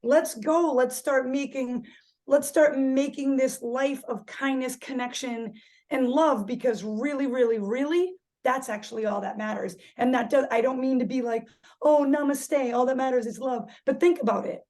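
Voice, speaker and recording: A woman yoga instructor talking candidly as a podcast guest, animated, swearing freely and restarting her sentences as she searches for words. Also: sits high, moderate pace. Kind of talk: casual podcast conversation.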